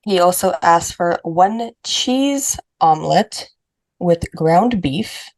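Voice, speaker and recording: Lower-voiced woman chatting on a podcast. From Puerto Rico. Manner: animated, laughing, quick asides. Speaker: podcast co-host. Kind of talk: casual chat.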